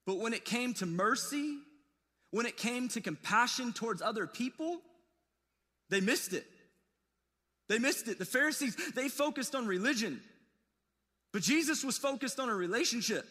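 A man preaching a sermon, telling stories in a casual, animated way with slangy asides. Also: extremely high pitch, moderate pace, long pauses, big-room sound. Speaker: pastor.

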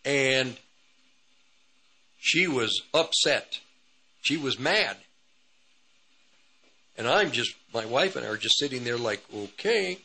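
Bright-voiced man telling a testimony. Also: medium pitch, animated, slow, pauses often, breathy edge, poor audio. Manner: rambling, repetitive, with restarts. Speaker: radio ministry host. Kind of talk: testimony storytelling.

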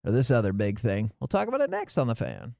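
Chatty, laughing sports radio co-host. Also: male voice, mid-range voice, wildly swooping pitch, vocal fry, a little mellow, no room sound, clean studio sound. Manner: chatty, laughs often, quick interjections. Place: radio studio. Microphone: studio microphone.

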